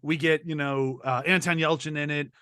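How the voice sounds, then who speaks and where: A man's voice: on the high side, fairly even intonation, moderate pace, sharp tone, clean tone, no echo, clean studio sound. A man in his thirties hosting a casual podcast chat, joking and rambling, laughing often. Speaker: podcast host.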